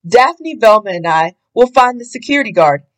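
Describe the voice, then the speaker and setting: A woman reading a storybook aloud, voicing a confident young man who leads the group in a steady, commanding way, lower than her narration. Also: normal speed, natural voice. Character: confident young male gang leader.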